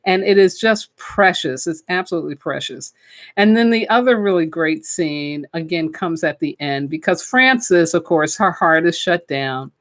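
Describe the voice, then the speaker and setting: A woman's voice: on the low side, animated, moderate pace. A woman hosting a spiritual talk show, chatting casually and enthusiastically about films, with frequent fillers. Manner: enthusiastic, chatty, with many fillers and "you know". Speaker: podcast host and spiritual teacher. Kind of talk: casual spoken film commentary.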